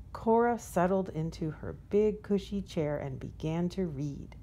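A woman reading a children's picture book aloud in a gentle, unhurried storytelling manner. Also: fairly low pitch, a little hiss or hum. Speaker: storybook reader.

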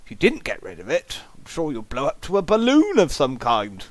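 A man's voice: fairly high pitch, huge pitch swings, brisk, dry recording. A man giving comic, exasperated reaction commentary, jokingly disgusted and theatrical.

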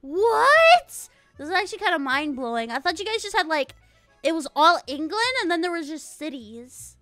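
Bubbly female host, bright, sharp tone, lively and exclamatory. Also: high-pitched, brisk, dry recording, soft background music. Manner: bubbly, giggly, exclaims often. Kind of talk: casual chat.

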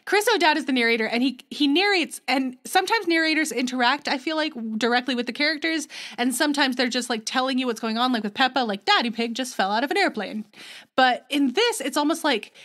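This young woman speaks on the higher side as she co-hosts a podcast in easygoing chat. She talks in rambling runs, often restarting her sentences and sometimes dropping briefly into playful character voices. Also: quick pace, few pauses, a bit bright. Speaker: podcast co-host. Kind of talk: casual chat.

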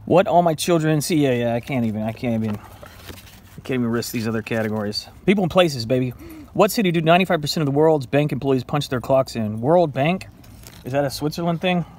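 A man's voice: mid-range voice, animated, brisk, a little mellow. A man casually quizzing himself on trivia while eating, playful and self-mocking, now and then talking to his dog. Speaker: vlogger.

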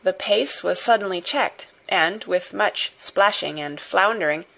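A woman reading a classic novel aloud as audiobook narrator, in steady, measured storytelling. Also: medium pitch, gravelly, rough recording.

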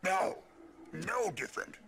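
An actor playing an ancient, tiny male creature master, patient and stern, with a gravelly, creaky voice who speaks with inverted word order in a film clip. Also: sits high, very animated, takes it slowly, exaggerated voice. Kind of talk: film clip played on a stream.

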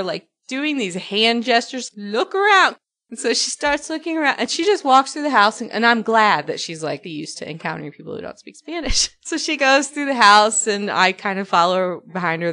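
Woman on a podcast, chatty story, keeps cracking up. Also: mid-range voice. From New Mexico. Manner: laughing storyteller, animated retelling. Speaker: podcast co-host. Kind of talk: casual chat.

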